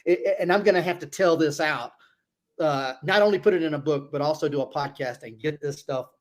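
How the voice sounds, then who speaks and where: A middle-aged American man, an army veteran, answering interview questions in a halting way with many restarts and self-deprecating laughs. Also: a little high. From United States. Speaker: guest, army veteran and author. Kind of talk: casual interview chat.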